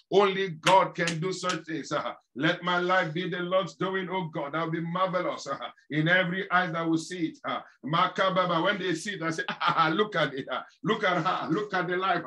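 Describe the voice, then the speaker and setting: A middle-aged man, a bishop leading fervent prayer, chanting in repetitive cadences, breaking into tongues and sudden loud outbursts. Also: high-pitched.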